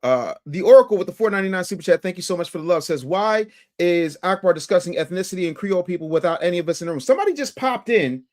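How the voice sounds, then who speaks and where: High-voiced energetic livestream host man. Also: fast talker. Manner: energetic, reads super chats aloud. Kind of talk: live-stream commentary.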